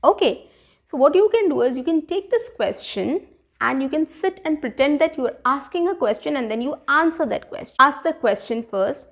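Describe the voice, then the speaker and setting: A woman's voice: sits high, animated, normal speed. A woman, teaching a spoken lesson and explaining with lots of repetition and checking "right?". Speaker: English teacher.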